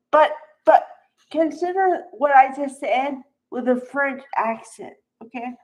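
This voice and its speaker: High-voiced woman giving unhurried frank opinions. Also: fairly even intonation, a little mellow, low-quality recording. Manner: chatty, frank, laughs often, calls people honey. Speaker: soap opera commentator. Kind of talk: casual opinionated commentary.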